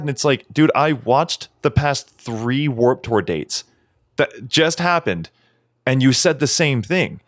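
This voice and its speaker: Animated swearing man on a podcast. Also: mid-range voice, slow pace, no echo, studio quality. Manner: animated, swears freely, mimics others in raised voice. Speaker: podcast co-host. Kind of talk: casual chat.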